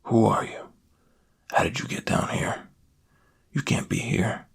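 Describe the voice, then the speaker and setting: A man's voice: a little slow, close to an everyday voice. A man voicing a frantic older male scientist with a Scottish accent in a whispered role-play, brusque and then lecturing. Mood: accusing.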